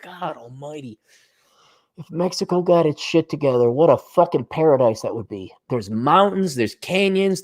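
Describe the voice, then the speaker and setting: A man's voice: fairly high pitch, a little mellow. Sarcastic, ranting male podcast host. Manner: mocking put-on voices in asides. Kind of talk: solo podcast rant reading listener donations.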